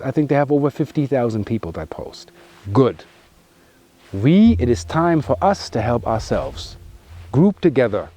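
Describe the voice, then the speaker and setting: A man giving an earnest spiritual monologue as a wellness vlogger, emphatic and heartfelt, moving between loud pushes and hushed, soft passages. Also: mid-range voice.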